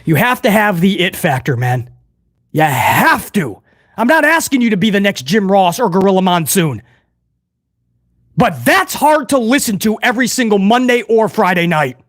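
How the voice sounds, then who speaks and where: Animated man giving blunt wrestling opinions. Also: high voice, normal speed, no echo, studio quality. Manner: blunt, animated, addresses viewers as guys. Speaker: wrestling news channel host. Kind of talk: casual opinionated commentary to viewers.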